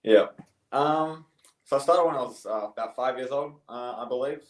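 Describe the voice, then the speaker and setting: Young man, relaxed, in a roomy echo. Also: medium pitch, moderate pace. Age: young adult. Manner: relaxed, hesitant, many ums. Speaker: guest. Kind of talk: interview answers.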